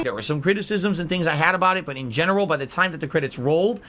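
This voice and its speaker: A man streaming a video game, ranting angrily and swearing heavily, lurching from loud outbursts to low grumbles. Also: fast, hardly any pauses, music in the background. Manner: angry, profane ranting; swings between high outbursts and low grumbles. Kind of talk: gaming livestream commentary.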